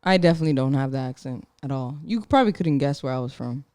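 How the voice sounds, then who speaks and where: A woman's voice: extremely low pitch, animated, a little mellow, no echo. Young female podcast guest, blunt and easily amused, recorded dry and close. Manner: blunt, quick to laugh. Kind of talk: casual podcast chat.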